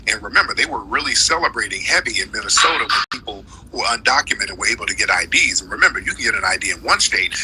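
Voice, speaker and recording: A man hosting a live stream rants through political commentary, heated and slangy, leaning hard on his points. His tone is strikingly bright and cutting. Faint background noise sits under the voice. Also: on the low side, expressive, fast, hardly any pauses, low-quality recording.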